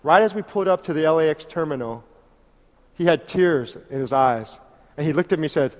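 A man telling a story in a sermon, animated and acting out conversations with laughter. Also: a little high, a little fast. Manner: animated, acts out dialogue with laughs. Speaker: preacher. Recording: long hall reverb.

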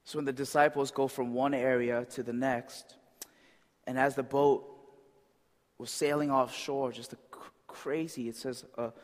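In a large hall with long, echoing reverb, a man preaches as a pastor in a conversational style, sprinkling in frequent "right?" asides. His mid-range voice has a flat delivery and moves a little slowly.

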